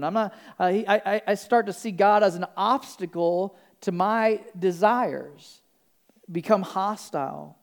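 A man's voice: sits high, a little slow. A man, a pastor, giving a conversational sermon, often restarting and repeating words. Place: church.

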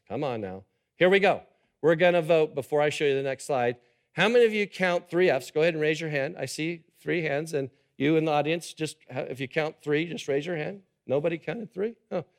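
A pastor preaching a sermon to a live congregation, animated and quizzing the audience. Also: male voice, on the high side. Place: church service with a live audience.

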